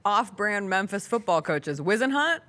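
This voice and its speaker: A woman hosting a sports talk show, trading wry, quick banter and laughing often. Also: mid-range voice, sing-song, fairly bright tone. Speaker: sports radio host. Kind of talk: casual sports chat.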